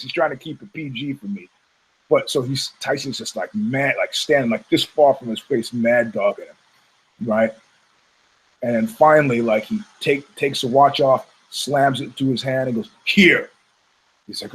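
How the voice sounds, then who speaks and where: A man's voice: mid-range voice, breathy edge, poor audio. An American man hosting a podcast, telling a long story in casual, profane style and acting out the people he quotes. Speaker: podcast host.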